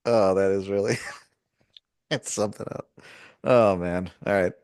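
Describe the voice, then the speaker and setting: Slow-talking guy with a bouncy low voice, laughing and asking questions, dry mic. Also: fairly even intonation, darkish tone, smooth, dry recording. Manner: laughing, quick reactions, asks questions. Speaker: podcast co-host and player. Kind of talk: casual reacting chat.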